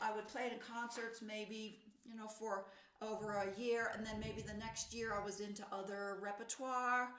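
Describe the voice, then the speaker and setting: A woman's voice: medium pitch, roomy sound. A woman in her sixties, a pianist, giving a thoughtful talk, searching for words with fillers and restarts. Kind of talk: reflective lecture talk.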